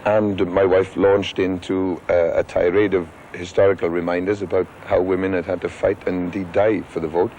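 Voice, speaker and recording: Deep mellow man with a wry story. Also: level tone, moderate pace, few pauses, a little hiss or hum, low-quality recording. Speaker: politician recalling canvassing. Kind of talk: anecdote.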